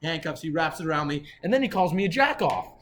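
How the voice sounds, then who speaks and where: Male guest, lively storyteller, profane and rambling, fairly high voice. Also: fast talker, a little hiss or hum. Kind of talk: casual storytelling.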